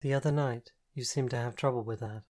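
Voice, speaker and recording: A composed young woman who speaks flatly and directly, as a male audiobook reader puts her on. Her delivery stays unhurried and deadpan, in a middle-pitched voice. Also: close to an everyday voice. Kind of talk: audiobook character voice.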